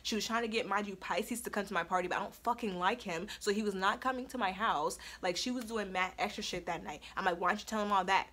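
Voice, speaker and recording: A young woman tells a story to her vlog audience in a bright, forceful voice. She is blunt and heavily profane, and she laughs often as she goes. Her pitch sits in an ordinary middle range. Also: fast, few pauses. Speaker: storytime vlogger. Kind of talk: casual storytelling.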